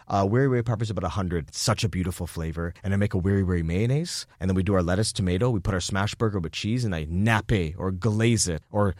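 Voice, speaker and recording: Guest chef, young man from Toronto, lowish voice, dry studio sound, chatty and eager. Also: no room sound. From Toronto, Canada. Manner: enthusiastic, chatty, uses fillers like "you know". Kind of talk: casual interview talk.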